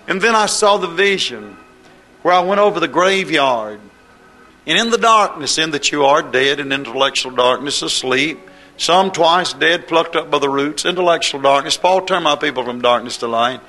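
Male preacher, bright forceful voice, impassioned sermon delivery, faint music behind. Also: a little high, lively intonation, normal speed. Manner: impassioned, rising and falling cadence.

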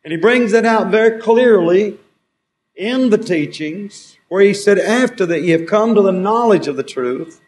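A man's voice: high voice, lively intonation, normal speed, darkish tone. A man preaching a sermon, quoting scripture with rising and falling emphasis.

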